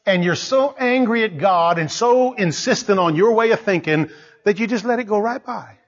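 Male preacher, high and lively voice, punchy repetitions, dull lo-fi recording. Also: moderate pace. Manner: emphatic, repeats phrases, swings between soft asides and loud exclamations. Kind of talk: sermon.

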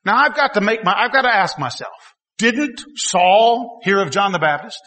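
A man preaching a sermon, telling the story in a folksy way and swinging from quiet asides to loud exclamations. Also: high-pitched, expressive, normal speed. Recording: long hall reverb.

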